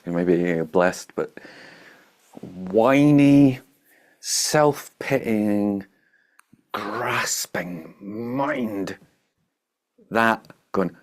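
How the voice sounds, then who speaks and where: A man's voice: on the low side, very slow, long pauses. A man giving an informal spiritual talk as a meditation teacher, blunt and joking, laughing at his own points.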